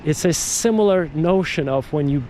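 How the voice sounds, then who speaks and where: A man's voice: fairly high pitch, normal speed, darkish tone, a little hiss or hum. A man hosting a podcast, talking in a casual, digressive monologue that repeats words and restarts sentences. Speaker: podcast host.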